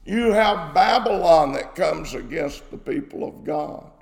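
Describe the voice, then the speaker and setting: A man's voice: a little high, animated, unhurried, creaky, darkish tone. A man preaching a sermon, emphatic and repeating his phrases for stress. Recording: echoey hall with long reverb.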